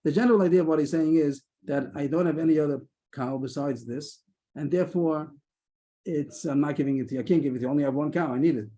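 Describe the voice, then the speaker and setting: A man's voice: a little high, dark tone. A man leading a Talmud study session over a video call, thinking aloud with frequent restarts. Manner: hesitant, many restarts, quick asides. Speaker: Talmud lesson leader.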